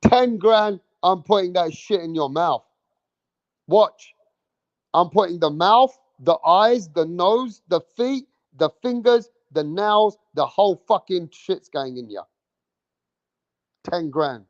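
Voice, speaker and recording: High-voiced man goading his stream chat. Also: expressive, takes it slowly, no room sound, muffled recording. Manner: loud, teasing, swears a lot, goads the chat. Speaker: livestream host. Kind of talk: casual livestream chat.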